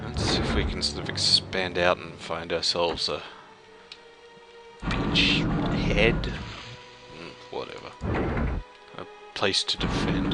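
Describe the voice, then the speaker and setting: A man with a low, deep voice talks through a strategy game, explaining calmly, then breaking into exasperated swearing. Clear game music plays under his voice throughout. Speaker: let's play commentator. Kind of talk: gameplay commentary.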